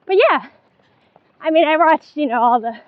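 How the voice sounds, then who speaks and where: A woman co-hosting a casual running podcast, easygoing and quick to laugh along, with brief replies. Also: high voice, dry recording, phone-quality sound. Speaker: podcast co-host. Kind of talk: casual chat.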